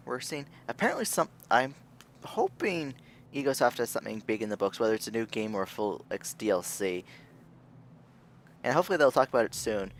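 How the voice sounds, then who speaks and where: A man's voice: medium pitch, a bit bright, a little hiss or hum. A young man giving casual, rambling let's-play commentary as a gaming video host, thinking aloud and restarting his sentences.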